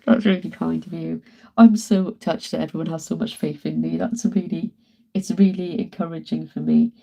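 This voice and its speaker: A woman's voice: deep voice, lively intonation, moderate pace, gravelly, dark tone. A woman with a British accent, chatting casually to viewers on a live stream from home while she paints, greeting and thanking them by name. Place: at home, indoors.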